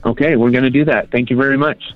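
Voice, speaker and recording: A man's voice: medium pitch, fairly even intonation, fast, dry recording, faint music behind. Hesitant male caller on a phone line. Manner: hesitant, filler-heavy.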